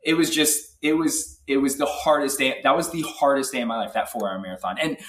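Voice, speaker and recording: A man telling an animated, filler-heavy story as a guest in a casual interview. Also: medium pitch, a little fast, roomy sound, far from the mic. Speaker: guest athlete.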